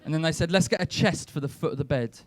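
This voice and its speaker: A young man doing a stand-up comedy set on a club stage, telling his stories deadpan and breaking into shouted rants. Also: a little high, fast talker. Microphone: handheld stage mic.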